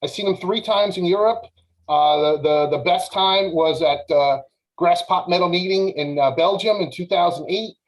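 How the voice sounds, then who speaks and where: A man on a podcast panel telling a casual, animated story with lots of filler words. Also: high-pitched, normal speed, rough recording.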